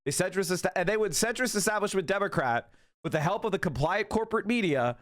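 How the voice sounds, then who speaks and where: A man's voice: high voice, lively intonation, fast, fairly bright tone. A man hosting a casual livestream, reacting to clips with profane, heated, mocking rants. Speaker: streamer host.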